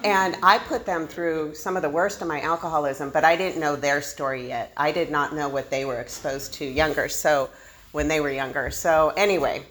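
Woman w a low voice sharing her recovery story, frank, laughs at herself a lot. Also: steady tone, moderate pace, a bit bright. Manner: candid and self-deprecating, laughs often. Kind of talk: personal storytelling.

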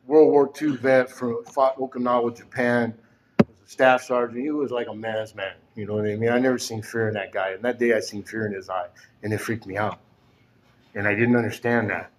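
A man in his sixties telling a personal story in a halting way, full of "and, uh", often sinking almost to a whisper. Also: mid-range voice, slight background noise. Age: 60s. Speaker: storyteller recounting his past. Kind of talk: personal testimony.

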